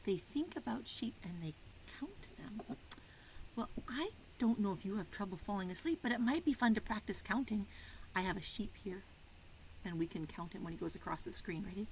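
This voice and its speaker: A woman's voice: mid-range voice, animated, normal speed, slight background noise, low-quality recording. Playful woman reading to preschoolers. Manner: playful, coaxing, talks straight to small children; drops to a hushed whisper for riddle clues. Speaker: preschool teacher. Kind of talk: children's picture-book read-aloud.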